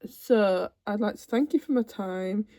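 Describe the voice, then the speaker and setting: A woman with a mid-range, warm voice talks at a measured pace, with no room sound in the recording. Sitting in a computer chair at home, she vlogs while unboxing a cross-stitch kit, chatting casually and trailing off into asides.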